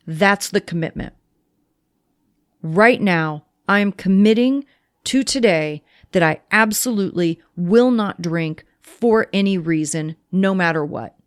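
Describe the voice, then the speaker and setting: A woman's voice: lowish voice, expressive, measured pace. A woman hosting a sobriety podcast, talking bluntly and with emphatic repetition, giving tough love and swearing freely. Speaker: podcast host, sobriety coach. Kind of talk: direct motivational talk.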